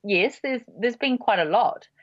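A woman in her sixties, a mountain guide, giving measured, halting interview answers with many pauses. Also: on the high side, lively intonation. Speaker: high-altitude mountain guide. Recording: dull lo-fi audio.

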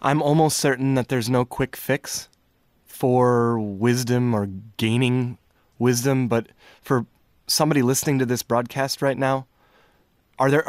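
Measured man host in dry studio. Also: medium pitch, no echo. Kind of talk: interview, introducing guest.

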